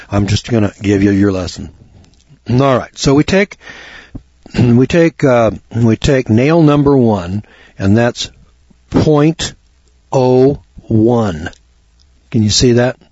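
A middle-aged man giving a folksy lesson on arithmetic, repeating himself and clearing his throat as he goes. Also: medium pitch, a little mellow, no room sound, lo-fi sound. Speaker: teacher.

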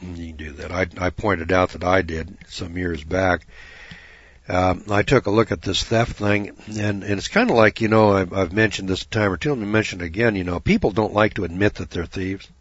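A man's voice: deep voice, steady tone, normal speed, husky, dry recording. A man giving a folksy, preaching talk, rambling, repeating "you know" and putting questions to his listeners. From United States. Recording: dull dry lo-fi recording.

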